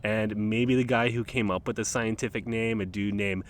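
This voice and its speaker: Outdoors by calm water in a park, a man hosts a relaxed nature podcast, wandering through his thoughts with lots of ums and uhs. He has a lowish voice and a moderate pace.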